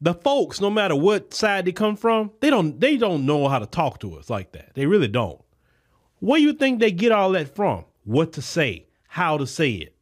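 Man, political commentary podcast, impassioned, high voice. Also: huge pitch swings, normal speed. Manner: impassioned, repetitive, preacher-like cadence. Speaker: podcast host. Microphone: podcast microphone.

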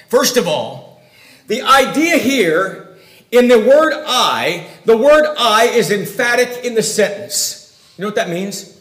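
A man preaching a sermon, emphatic, swinging between loud declarations and quiet, confiding asides. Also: high voice, echoey room.

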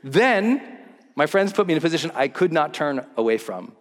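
A man's voice: a little high, normal speed, in a large hall. A man telling a personal story as a motivational speaker on stage, acting out the scenes. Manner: animated, acts out scenes and voices. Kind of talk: storytelling keynote talk.

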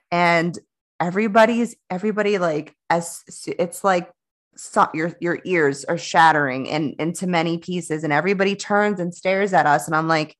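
Woman, 30s, podcast co-host. Lower voice, chatty and rambling delivery. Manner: chatty and rambling, frequent restarts and laughs. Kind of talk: casual spiritual podcast chat.

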